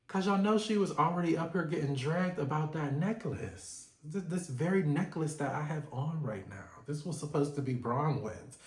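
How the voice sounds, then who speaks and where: A man's voice: on the high side, moderate pace, hardly any pauses, a little mellow. A man giving a sassy, playful recap of a reality show in a casual vlog. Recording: echoey room.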